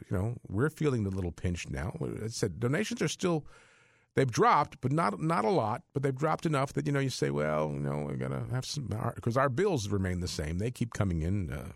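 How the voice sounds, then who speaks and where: A middle-aged man hosts a religious radio show from a studio, chatting casually on air in a rambling way and chuckling between thoughts. His medium-pitched voice has vocal fry, and the studio microphone recording is dry.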